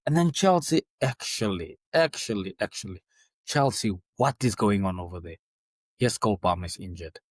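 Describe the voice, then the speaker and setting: A man's voice: on the low side, lively intonation, normal speed, no echo. A man hosting a football podcast in a casual monologue, chatty and exasperated, stumbling over names.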